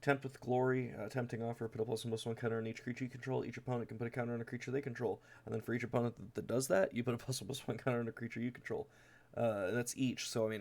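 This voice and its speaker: A man's voice: mid-range voice, creaky, darkish tone. A man casually walking through his card deck one card at a time, reading the card text aloud with plenty of fillers and restarts. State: tired, yawning. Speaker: deck tech host.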